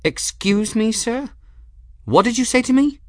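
A man voicing a weary, sharp-tongued young noblewoman in an audiobook, polite but exasperated. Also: on the high side, sing-song, normal speed, no room sound, clean studio sound, voice pushed up.

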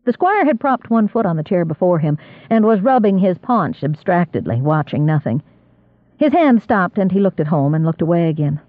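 A man narrating an audiobook in a measured, expressive reading voice. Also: high voice, no room sound. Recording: dry, tinny phone-like audio.

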